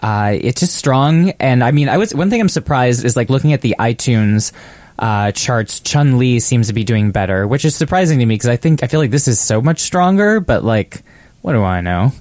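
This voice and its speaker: A man's voice: medium pitch, lively intonation, moderate pace, darkish tone, dry recording. Upbeat male podcast host, dry sound. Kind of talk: casual chat.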